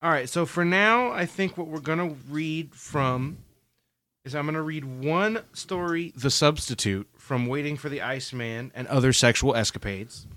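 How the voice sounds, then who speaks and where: A man's voice: on the high side, moderate pace, fairly bright tone, dry recording. A man co-hosting a podcast, reading a story aloud with playful asides and quoted voices in casual chat. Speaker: podcast co-host.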